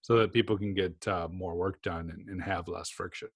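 Animated man telling anecdotes. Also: low-pitched, moderate pace, slightly rough, dry recording, clean studio sound. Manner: animated storyteller, fond of anecdotes. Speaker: podcast co-host. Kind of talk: casual technical discussion.

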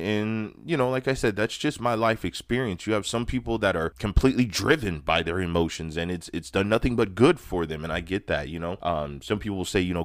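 A man's voice: on the low side, dry recording, clean studio sound. A man hosting his own podcast, talking through personal thoughts in a rambling, candid solo monologue with the odd curse. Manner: rambling, candid, sprinkled with profanity. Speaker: podcast host.

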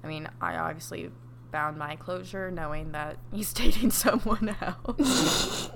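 A woman's voice: fairly low pitch, measured pace, creaky, crowd noise. A young woman co-hosting a podcast, frank and giving advice in casual chat, laughing often. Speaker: podcast co-host.

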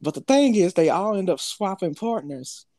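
A man's voice: sits high, very animated, normal speed, mellow, no room sound. A man co-hosting a podcast, talking loosely in slang and laughing often as he tells stories. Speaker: podcast co-host. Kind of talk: casual chat.

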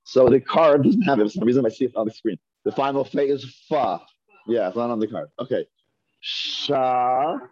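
A man's voice: medium pitch, expressive, fast talker, darkish tone, highs cut off. A man teaching a Hebrew reading class, patiently sounding out syllables one by one for his students. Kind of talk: classroom lesson. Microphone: earpiece mic.

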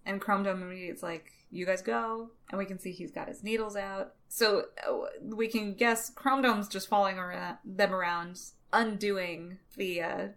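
A woman's voice: medium pitch, moderate pace, few pauses. A woman co-hosting a comic podcast, chatting casually and laughing often as she recaps the story. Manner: animated, laughs often, playful voices for characters.

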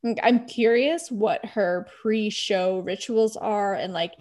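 A woman's voice: medium pitch, slow, a little mellow. Chatty young woman from Texas. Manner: chatty, rambling with many "like"s. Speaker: guest. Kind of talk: casual chat.

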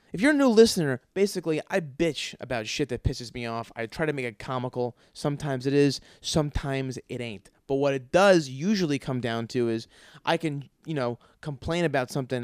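A man's voice: medium pitch, clear, resonant tone, no room sound, studio quality. A man hosting his own podcast, ranting casually and comically with lots of swearing and rambling restarts. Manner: profane, grumbling, rambling with restarts. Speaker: podcast host. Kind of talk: casual comedic rant.

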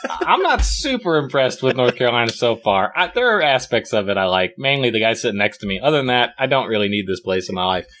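A man's voice: mid-range voice, sing-song, fast talker, fairly bright tone. A young man telling a rambling story to friends, swearing freely and acting out quotes. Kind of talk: casual chat with friends.

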